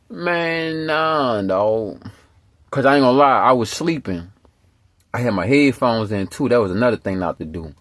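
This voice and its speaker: A man talking straight to camera, profane and emphatic in rambling street slang. His voice sits fairly low. The recording is dry and close, with no room sound. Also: expressive, moderate pace, long pauses, a bit bright, no echo. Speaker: vlogger. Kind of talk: rambling casual storytelling.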